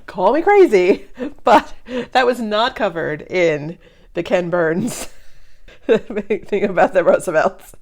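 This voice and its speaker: Middle-aged woman, movie reaction host, casual chatty commentary, lively rising and falling pitch, frequent laughs. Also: slow.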